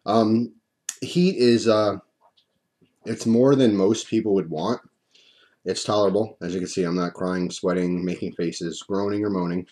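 A man reviewing hot sauce on video in a relaxed, rambling way, his mouth burning and drooling as he talks at his desk. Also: low voice, a little slow. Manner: relaxed, chatty, rambling with restarts.

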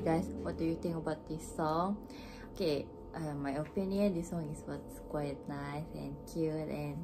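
A woman reacting to a music video, gushing with excited exclamations and giggles, getting emotional near tears. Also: low voice, noisy background. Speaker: K-pop reaction vlogger. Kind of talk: casual reaction commentary. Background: music video playing.

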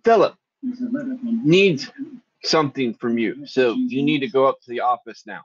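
A man playing a tabletop game, talking in a lively, playful way. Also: mid-range voice, a little slow, husky, no room sound, highs cut off. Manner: lively, playful in-character lines. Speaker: player. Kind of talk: casual tabletop play.

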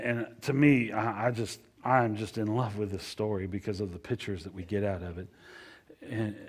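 A man delivers a sermon in a husky, slightly low voice. He leans on repetition, building phrases up loudly and then letting them fall to a near hush. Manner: preacher cadence, repetitive, swings from loud to hushed. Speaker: pastor.

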